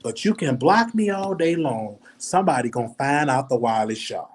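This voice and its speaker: A man's voice: mid-range voice, lively intonation, moderate pace. A man with a Southern US accent runs his own show from home late at night, chatting loosely into the camera. He is a little tipsy, rambles, stumbles over repeated words and laughs often at his own remarks. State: tipsy from drinking. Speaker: show host. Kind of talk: casual livestream commentary.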